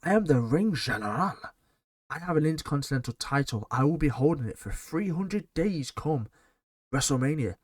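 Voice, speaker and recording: A man's voice: a little high, lively intonation, moderate pace, no echo, studio quality. A man mocking a boastful wrestling champ. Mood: complaining.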